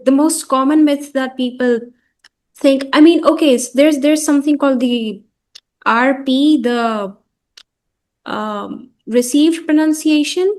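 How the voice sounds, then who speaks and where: A woman from India hosting an interview, asking questions in a hesitant, thinking-aloud way. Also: high-pitched. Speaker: host and interviewer. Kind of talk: conversational interview.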